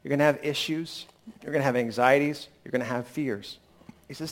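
A man's voice: mid-range voice, steady tone, fairly quick. A man preaching a sermon in a candid, conversational way, recovering from a lingering cold. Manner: candid, conversational preaching with sudden emphatic rises. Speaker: pastor.

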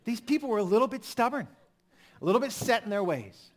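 High-voiced man preaching a sermon. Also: quick pace. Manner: expressive, swings from emphatic to hushed. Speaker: pastor.

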